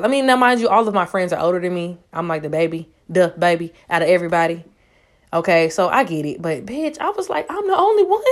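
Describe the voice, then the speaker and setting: Loud, profane young woman telling a story. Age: 20s. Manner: loud, profane and animated, jumping to high squeals. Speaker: vlogger. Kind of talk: casual storytime monologue.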